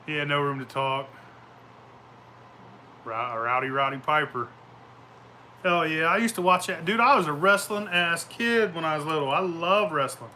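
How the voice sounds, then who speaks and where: A man's voice: fairly high pitch, normal speed, long pauses, pushed and bright, a little hiss or hum. A man hosting a show, telling rambling stories in a profane, boisterous way and laughing often. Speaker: show host. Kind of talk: casual rambling storytelling.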